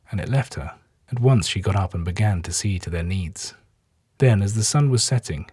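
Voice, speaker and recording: A man reads scripture aloud at a steady, measured pace. His voice is low and dark with a husky edge. The recording is dry and close. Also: dry recording. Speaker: scripture reader. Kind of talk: scripted Bible narration.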